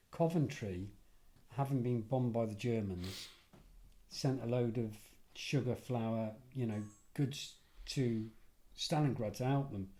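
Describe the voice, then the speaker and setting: A middle-aged English man, a podcast guest, telling lively anecdotes in a casual conversational way and often correcting himself mid-sentence. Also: mid-range voice. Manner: animated anecdotal storyteller, self-correcting. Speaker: podcast guest, former detective and security head. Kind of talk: casual storytelling.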